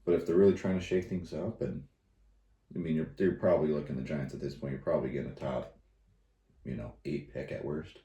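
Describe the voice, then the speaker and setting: A man's voice: rumbling low, steady tone, brisk, dark tone. A young man co-hosting a casual sports podcast, laid-back and speculative, with many fillers. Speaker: podcast co-host. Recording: roomy echo.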